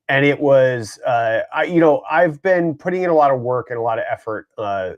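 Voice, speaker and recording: A man co-hosting a casual group chat, talking in an easygoing, rambling way with many fillers. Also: medium pitch. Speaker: co-host.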